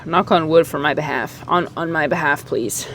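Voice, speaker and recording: A woman's voice: deep voice, moderate pace, fairly bright tone, a little hiss or hum. A woman chatting casually in her own gardening vlog, giggly and easily moved, laughing often. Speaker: gardening vlogger. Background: music.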